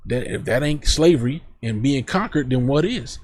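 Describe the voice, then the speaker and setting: A man's voice: medium pitch, lively intonation, normal speed, a little mellow, a little hiss or hum. A man teaching from scripture, reading verses aloud and then explaining them in casual, blunt street talk. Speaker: preacher.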